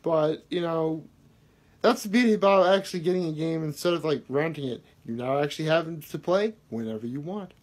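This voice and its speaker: A man with a noticeably high voice rambles through his daily vlog, circling back with fillers and restarts. He sounds earnest and a little self-deprecating, talking straight to his viewers. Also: a little fast. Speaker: daily vlogger. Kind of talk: casual daily video talk.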